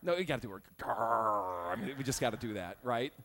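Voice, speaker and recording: Pastor guy giving a sermon, voice bouncing all over, jokey and animated. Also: medium pitch, very fast. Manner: animated, joking, teaching.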